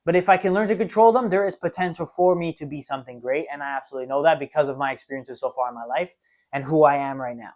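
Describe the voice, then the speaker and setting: Talking fast in a somewhat high, mellow voice, a man in his twenties hosts his own podcast alone. His confessional musings are sincere and introspective, frequently capped with a questioning "right?"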